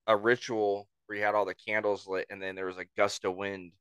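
Laid-back man with a bright, crisp voice. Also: on the low side, little pitch movement, fairly quick, no echo. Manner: laid-back, agreeing interjections. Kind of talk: casual podcast chat.

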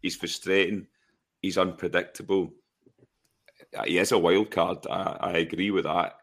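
Very deep, flat-voiced Scottish man. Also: measured pace. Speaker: podcast co-host. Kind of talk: casual football chat.

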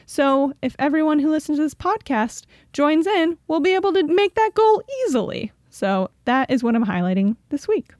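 Upbeat higher-voiced woman co-host. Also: no room sound, clean studio sound. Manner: chatty, laughs often, upbeat. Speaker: podcast co-host. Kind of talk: casual chat.

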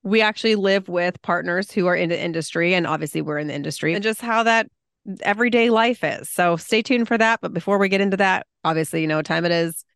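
A woman co-hosting a podcast in casual chat, talkative and quick to laugh. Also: lowish voice, creaky, fairly bright tone, smooth, dry recording, studio quality. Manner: chatty, laughs often, quick asides. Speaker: podcast co-host.

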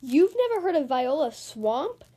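A woman doing excited, high-voiced schoolkids. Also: measured pace.

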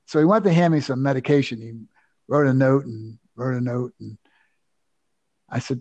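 An older man telling a personal story as an interview guest, animated, emphatic and self-assured. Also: mid-range voice, fast, no room sound, muffled recording. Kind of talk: anecdotal storytelling.

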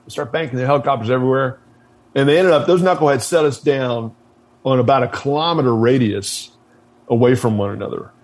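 Guy telling an old mission story, blunt, swears a lot, keeps restarting sentences, mid pitch. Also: a little fast. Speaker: guest, military veteran. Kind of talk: casual storytelling.

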